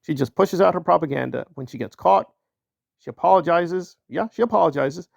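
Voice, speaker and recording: A man delivering a heated solo commentary, his voice gravelly and fairly high for a man. He hammers points with repetition and slips into sneering mock-quotes. Recorded close and dry. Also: a little fast, no echo, muffled recording. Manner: mocking put-on quotes in raised pitch. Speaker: commentary channel host.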